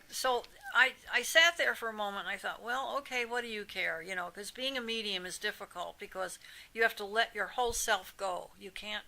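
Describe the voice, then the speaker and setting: An older woman, a psychic medium, chatting in an interview and telling animated anecdotes with frequent asides. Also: medium pitch, poor audio. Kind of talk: casual interview storytelling.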